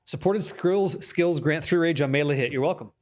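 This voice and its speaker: A young man streaming a game, chatting casually with viewers, reading patch notes aloud and swearing freely when excited. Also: on the high side, normal speed. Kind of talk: casual live-stream chat.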